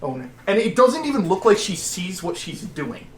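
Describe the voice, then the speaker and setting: A man's voice: high-pitched, sing-song, moderate pace, distant mic, crowd noise. A man describing a scene in a tabletop game, searching for words as he goes. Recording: echoey room, faint noise.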